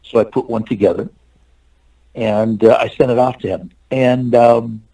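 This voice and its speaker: A man's voice: medium pitch, steady tone, a little slow, vocal fry, dark tone, dry recording, rough recording. An older man, an actor and stuntman, telling long rambling anecdotes in a casual interview and acting out the lines of the people in them. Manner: rambling anecdotes with restarts and acted-out quotes.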